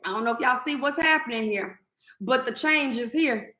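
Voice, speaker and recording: A woman's voice: a little high, normal speed, sharp tone, echoey room. A woman hosting a faith-filled morning live stream, exuberant and preachy, breaking into song and affirmations. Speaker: host.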